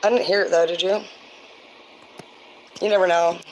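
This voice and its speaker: A woman's voice: on the low side, steady tone, moderate pace, a little hiss or hum. A tipsy woman chatting casually to viewers on a livestream, rambling, gushing and swearing freely. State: tipsy from drinking. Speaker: livestream host. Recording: roomy, distant mic, faint ambience.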